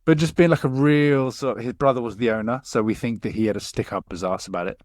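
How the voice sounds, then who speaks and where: A man, co-hosting a casual podcast and telling sweary, animated work stories. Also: mid-range voice, fast talker, no room sound, clean studio sound. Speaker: podcast co-host. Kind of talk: casual chat.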